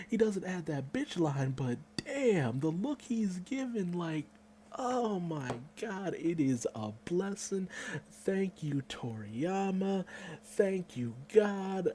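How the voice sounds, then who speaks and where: A man giving a casual, excitable manga chapter review, swearing freely and acting out the characters' lines. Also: a little high, a little hiss or hum.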